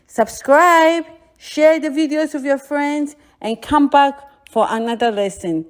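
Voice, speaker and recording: Ghanaian woman, language teacher, slightly high voice, slow patient drilling. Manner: patient, repeats phrases for learners to echo. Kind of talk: language lesson, drilling pronunciation.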